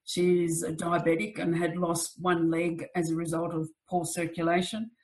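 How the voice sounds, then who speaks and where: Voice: mid-range voice, monotone, normal speed, darkish tone, low-quality recording. A speaker sharing anecdotes reflectively in a casual conversation.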